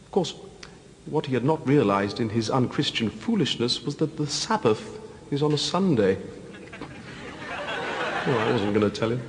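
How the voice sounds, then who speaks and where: Deadpan English comedian. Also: male voice, mid-range voice, moderate pace, pauses often, in a large hall, slight background noise, rough recording. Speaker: comedy host. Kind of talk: deadpan stand-up monologue.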